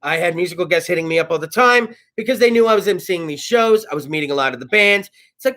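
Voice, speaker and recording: A man's voice: high-pitched, big pitch swings, fast talker, hardly any pauses, fairly bright tone. A man in his thirties from California hosting a casual talk show, rambling and profane. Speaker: host. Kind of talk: casual monologue. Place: studio.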